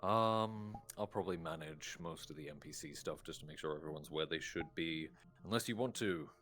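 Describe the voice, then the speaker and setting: Man, very deep voice, brief, matter-of-fact, session organizer. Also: brisk, a bit bright, soft background music. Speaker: session organizer handling NPCs.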